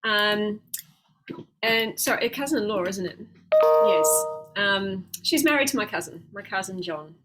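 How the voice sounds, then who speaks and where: A woman with a New Zealand accent hosting a casual interview as a coach, chatty and halting with many fillers. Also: mid-range voice, expressive, background noise. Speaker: host, weight loss coach.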